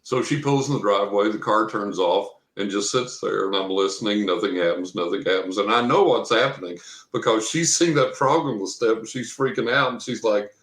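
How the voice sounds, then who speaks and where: This Texan guest, a professional psychic reader, has a voice on the low side that sounds a bit bright and moves briskly. In an echoey room, he wanders through a personal story during an interview, performing other people's quotes.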